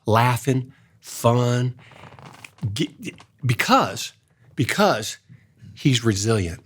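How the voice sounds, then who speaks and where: An older man, telling an earnest personal story in a casual way, going soft and hushed when he quotes his own gentle words. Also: medium pitch, very animated, very slow, breathy edge. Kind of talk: casual storytelling in a faith-based talk.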